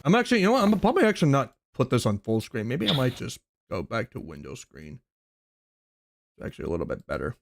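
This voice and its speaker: A man's voice: medium pitch, big pitch swings, fast, creaky. Male streamer, casual voice-chat banter, rambling, restarts mid-sentence, grumbles. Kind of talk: casual chat while gaming.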